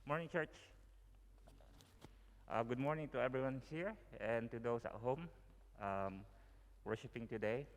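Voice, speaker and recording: A man's voice: medium pitch, unhurried, long pauses. A young Filipino man with a Filipino accent, giving a chatty sermon full of fillers and "you know". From Philippines. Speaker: guest preacher. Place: church hall. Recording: long hall reverb.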